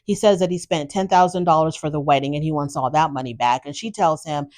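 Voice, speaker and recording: A woman hosting a podcast, casually recapping a reality show with blunt, animated opinions and exasperated asides. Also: low-pitched, fast talker. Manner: animated, exasperated, talks straight to the subject.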